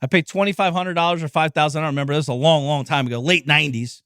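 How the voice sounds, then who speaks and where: Middle-aged male podcast host, motivational rant, yells and swears, bright forceful voice, dry close sound. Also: fairly high pitch, steady tone, racing, smooth, no room sound. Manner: intense, profane, yelling. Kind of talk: motivational monologue.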